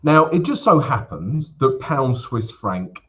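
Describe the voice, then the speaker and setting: A man's voice: mid-range voice, big pitch swings, takes it slowly, a bit bright. A man hosting a live trading stream, chatting casually with viewers and filling his talk with ums and asides. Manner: chatty, many fillers, addresses viewers as guys. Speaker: forex trading livestream host. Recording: slightly dull lo-fi stream audio.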